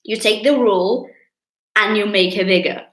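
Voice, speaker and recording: A woman's voice: mid-range voice, moderate pace, roomy sound, low-quality recording. A woman with a Brazilian accent teaching English in a live online lesson, chatty with her viewers and stretching out key words. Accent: Brazilian Portuguese.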